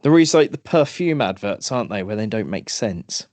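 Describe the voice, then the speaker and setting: A man's voice: lowish voice, lively intonation, brisk, a little mellow, no echo. A British man co-hosting a podcast, chatty and self-mocking as he recounts folklore. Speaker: podcast co-host. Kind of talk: casual chat, storytelling.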